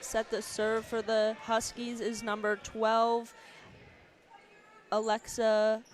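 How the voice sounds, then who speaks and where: In an indoor gym, a woman does live play-by-play for a volleyball game, plainly calling each serve and point by player number and name. Her voice is a little high, slow, and completely flat. Her commentary sits over a loud gym crowd and noise, with faint music in the background.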